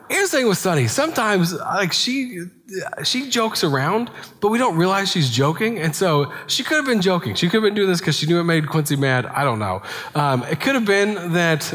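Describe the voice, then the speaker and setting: Conversational preacher in a reverberant hall. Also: male voice, fairly high pitch, fairly bright tone. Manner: conversational, anecdotal preaching with frequent "like" and "right?". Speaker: pastor. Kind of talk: sermon.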